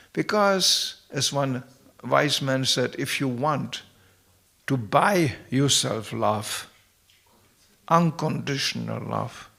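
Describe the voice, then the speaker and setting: Gravelly guy giving a scripture class, jokey and chatty, lots of little stories. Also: medium pitch, fairly bright tone. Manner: anecdotal, humorous, conversational. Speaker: lecturer. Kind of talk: devotional lecture.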